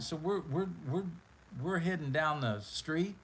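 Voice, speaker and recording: A man telling a rambling, animated story on a livestream. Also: fairly high pitch, unhurried, slightly rough. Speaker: livestream host. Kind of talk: casual storytelling.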